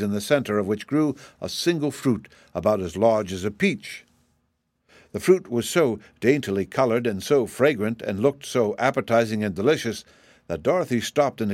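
A man narrating a storybook audiobook in a measured, even way. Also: on the low side, dry recording.

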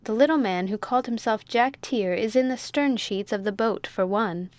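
A woman reading an audiobook, voicing a calm, polite young male ship's mate. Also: a little high, normal speed, no echo, close to an everyday voice.

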